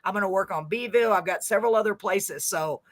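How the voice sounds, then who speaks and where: An older woman hosting a casual live podcast chat, talkative and quick to laugh. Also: medium pitch, a crowd in the background. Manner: chatty, laughing, animated. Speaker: podcast host.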